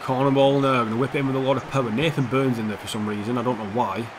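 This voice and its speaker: A man's voice: mid-range voice, fairly even intonation, rapid-fire, background noise. A young man giving casual, sweary, sarcastic commentary over a football video game, talking back at the players on screen. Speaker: gaming YouTuber.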